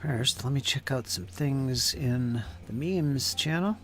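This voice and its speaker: A man's voice: medium pitch, slow pace, fairly bright tone, a little hiss or hum. A man hosting a live stream, chatting casually and muttering to himself while he paints miniatures. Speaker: channel host painting miniatures.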